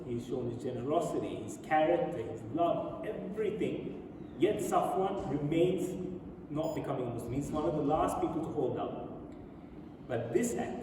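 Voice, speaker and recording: A man giving a storytelling religious lecture in a mosque, retelling events in an animated way and reading quoted speeches aloud. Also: a little high. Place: mosque prayer hall. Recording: very echoey hall, speaker far from mic, audible noise.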